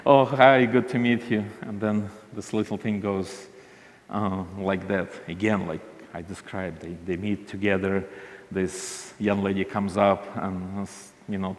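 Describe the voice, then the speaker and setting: A man tells a ministry story, halting often and restarting his sentences. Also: low voice, little pitch movement, in a large hall. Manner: halting, frequent restarts and fillers. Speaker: ministry leader. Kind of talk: storytelling talk.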